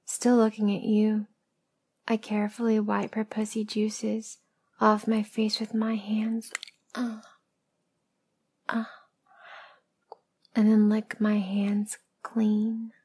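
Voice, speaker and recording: A woman narrating a first-person story as a whispered role-play, in a slow, hushed storytelling manner. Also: mid-range voice, completely flat delivery, husky. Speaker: erotic audio narrator.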